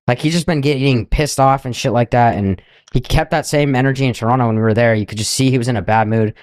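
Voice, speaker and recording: A man's voice: medium pitch, fast talker, a little mellow, smooth, no echo. A young man co-hosting a podcast, spinning a casual story in a loose, profane way and quoting what people said. His voice sits in a middle register and comes across dry and close, with no room around it. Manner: loose and profane, retelling with quoted asides. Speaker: podcast co-host.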